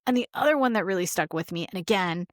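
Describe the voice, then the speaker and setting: A woman's voice: on the low side, lively intonation, quick pace, dry recording. Chatty woman podcast co-host, dry sound. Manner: chatty, filler-heavy, acts out quoted dialogue. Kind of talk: casual chat.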